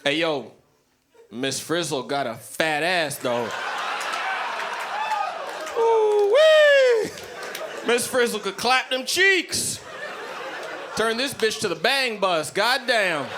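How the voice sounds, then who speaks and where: A man voicing a crude, foul-mouthed, swaggering boy who talks loud and brash. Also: high-pitched, very animated, takes it slowly, pitched above the performer's own voice, heavily acted. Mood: leering. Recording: live club, noisy ambience.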